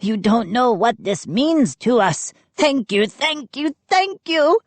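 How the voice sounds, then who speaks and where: A woman's voice: medium pitch, animated, slow pace, darkish tone, husky, dry recording, pitched above the performer's own voice, full character voice. A woman voicing an eager little male lawn gnome who squeals and implores. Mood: imploring.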